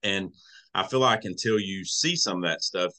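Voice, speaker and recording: A man with a Southern country accent talks through his story as a podcast guest. His voice sits low but has a bright, forceful edge. He is folksy and emotional and acts out the people he quotes. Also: moderate pace. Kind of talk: casual storytelling.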